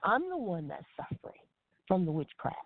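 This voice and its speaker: A woman's voice: fairly low pitch, sing-song, normal speed. A woman preaching a devotional sermon in an earnest, repeating cadence. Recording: tinny phone-line sound, dry.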